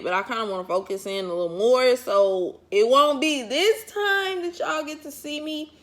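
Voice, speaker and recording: A woman chatting casually to camera as a vlogger, folksy and encouraging, drifting off topic. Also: fairly high pitch. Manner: encouraging, pep-talk delivery.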